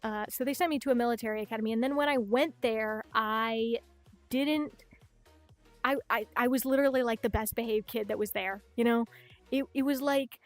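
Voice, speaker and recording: A woman's voice: on the high side, steady tone, fairly quick, dry recording, faint music behind. A young woman streaming casually, ranting animatedly, swearing a lot and acting out other people's voices. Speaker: VTuber streamer. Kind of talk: casual livestream chat.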